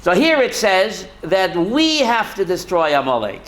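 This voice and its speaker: A rabbi teaching a Torah class to students, animated and full of rhetorical questions. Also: male voice, high-pitched, measured pace. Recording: roomy classroom echo.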